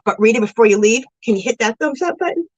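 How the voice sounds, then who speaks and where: Chatty woman livestreaming with a lively voice. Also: on the high side, fast, no echo, dull audio. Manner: chatty and effusive, calls viewers girl and sweetie. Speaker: livestream host of a yarn crafting show. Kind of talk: casual livestream chat, reading comments aloud. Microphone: phone.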